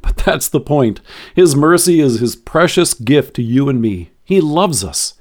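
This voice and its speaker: Lively devotional reader, a man. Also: a little high, unhurried. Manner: expressive, dramatic scripture reading. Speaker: devotion speaker. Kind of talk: scripted devotional reading.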